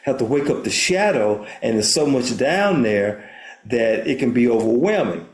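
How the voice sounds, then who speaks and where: Speaking at normal speed with a medium pitch and lively intonation, this older man from the United States is a therapist and minister. He earnestly tells a story as a guest in an interview, frequently restarting words, in a room with noticeable echo.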